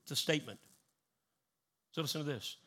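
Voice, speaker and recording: A man's voice: on the high side, brisk, bright, forceful tone. A man preaching a sermon to his congregation, building emphatic rising cadences and teaching word meanings. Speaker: pastor.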